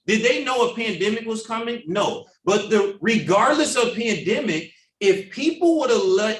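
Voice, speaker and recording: A man leads a Bible study in a casual, animated way, slipping into voices to act out what other people say. His voice sits fairly high for a man. It comes from a little way off the mic, in a room that echoes. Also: distant mic. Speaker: Bible class teacher. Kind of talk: informal Bible study discussion. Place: church classroom.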